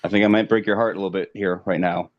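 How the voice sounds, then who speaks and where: Low-voiced deadpan man from the Midwest. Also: very fast, dry recording, dull audio. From American Midwest. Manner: dry, deadpan storytelling. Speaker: podcast co-host. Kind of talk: casual chat.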